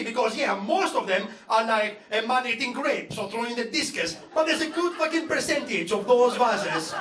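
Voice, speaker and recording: A man with a Greek accent doing stand-up, ranting loudly and swearing often. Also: extremely high pitch, lively intonation, moderate pace, hardly any pauses. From Greece. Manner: loud, profane, ranting. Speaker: stand-up comedian. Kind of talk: stand-up rant. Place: comedy venue stage. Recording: echoey venue from a distance with crowd ambience.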